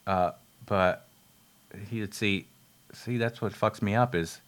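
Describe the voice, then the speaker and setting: Low-voiced man rambling about a film. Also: slow, clear, resonant tone. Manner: rambling, many fillers and restarts, laughs at himself; swears casually. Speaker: film reviewer. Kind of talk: rambling casual movie talk.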